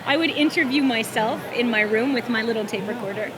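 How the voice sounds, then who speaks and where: A voice actress answering interview questions at a comic convention, bubbly and gracious. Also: female voice, fairly high pitch, fairly quick, a loud crowd. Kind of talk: casual interview.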